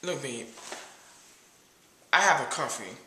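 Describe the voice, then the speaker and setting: A man's voice: medium pitch, animated, slow pace, bright, forceful tone, echoey room, full character voice. A man playing a cheap, nervous date who brags about himself and keeps calling himself "your boy", in a comedy skit.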